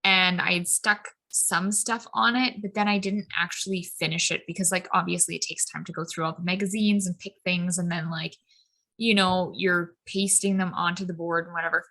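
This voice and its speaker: A woman's voice: fairly low pitch, steady tone, moderate pace, bright, forceful tone. A woman in her thirties co-hosting a podcast, chatting casually and rambling through tangents with lots of "like" and "um". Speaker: podcast co-host. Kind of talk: casual spiritual chat.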